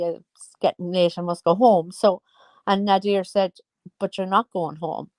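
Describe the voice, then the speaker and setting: A woman's voice: medium pitch, dry recording. A woman in her forties giving casual, teasing gossip commentary as a vlogger. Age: 40s. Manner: chatty, teasing, sing-song asides.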